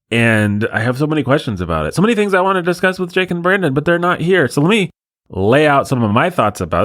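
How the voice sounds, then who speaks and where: A man's voice: mid-range voice, a bit bright, no room sound. A man hosting a podcast alone in the studio, riffing in a sarcastic, rambling way. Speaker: podcast host. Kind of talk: solo podcast monologue.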